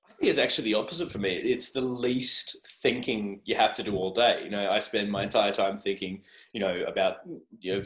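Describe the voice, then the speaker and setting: A man's voice: lowish voice, fairly quick, a bit bright. An Australian man chatting as a podcast guest, rambling and self-deprecating. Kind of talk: casual interview chat. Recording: roomy echo.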